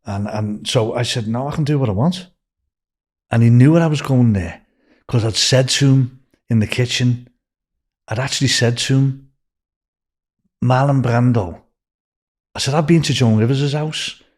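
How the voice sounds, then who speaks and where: Older Liverpool guy, podcast guest, loose rambling anecdotes, average pitch. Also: moderate pace, pauses often, darkish tone. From England. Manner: rambling anecdotes with restarts and swearing. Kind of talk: storytelling in a podcast interview.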